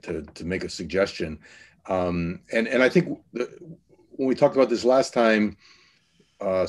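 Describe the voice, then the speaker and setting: A man's voice: sits low, a little mellow, slightly rough. A man chairing a task force meeting online, speaking with many fillers and restarts.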